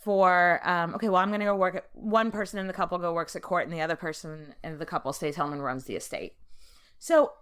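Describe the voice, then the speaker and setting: A woman's voice: fairly low pitch, fairly even intonation, brisk, a bit bright, clean tone. A young adult woman co-hosting a podcast in casual chat, telling a story with a lot of profanity and acted-out quotes. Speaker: podcast co-host.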